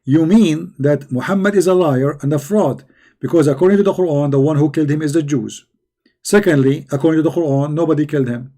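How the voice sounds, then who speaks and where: Man, debate host, mocking and combative, slightly high voice, dark mellow tone. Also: fairly quick. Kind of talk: live online debate commentary.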